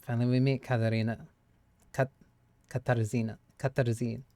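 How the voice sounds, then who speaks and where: A game streamer talks in a mid-range voice, animated and chatty, often laughing and swearing while reading lines aloud. The sound is close and dry, on a desk mic. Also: medium pitch, normal speed, dry recording.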